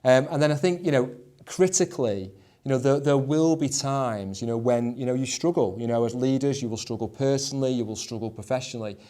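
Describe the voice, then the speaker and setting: A man's voice: mid-range voice, brisk, warm tone. A man leading a discussion on leadership as a schools executive director, often stumbling over repeated words and filling with "you know".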